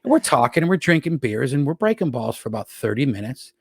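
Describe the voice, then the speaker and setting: A man's voice: medium pitch, sing-song, fast, vocal fry, breathy edge, dry recording, clean studio sound. A man from Rochester, New York, a podcast guest, telling long profane stories and acting out what others said. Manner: profane, anecdotal, acts out quoted voices. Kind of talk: casual storytelling.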